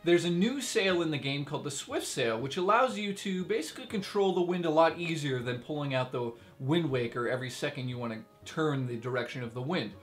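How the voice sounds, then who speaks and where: A man chatting through a video game review in a voice pitched a little above most men's. He gets excited and joking, throwing in big exaggerated asides. Soft music plays behind him. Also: brisk, few pauses.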